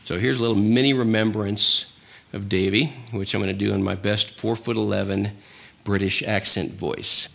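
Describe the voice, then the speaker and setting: A man's voice: on the low side, fairly even intonation, moderate pace, creaky, fairly bright tone. A man in his fifties from Oklahoma, telling family stories in a casual, folksy way with wry, self-mocking humor. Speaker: narrator of a family tribute video. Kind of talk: casual personal storytelling. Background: guitar music.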